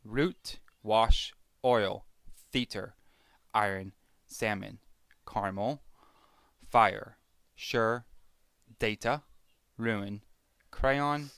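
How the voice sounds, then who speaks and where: A man's voice: on the low side, extremely slow, gravelly, a bit bright, clean tone, no echo. Chatty American man with dry sound. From Pennsylvania, USA. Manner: chatty, self-correcting. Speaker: vlogger. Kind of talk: casual vlog word-list reading.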